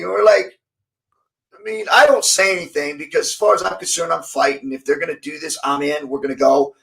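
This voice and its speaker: Gravelly man telling stories. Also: on the high side, moderate pace, poor audio. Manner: animated storyteller acting out quoted dialogue, many restarts. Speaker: interview guest, former fighter. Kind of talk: casual storytelling interview.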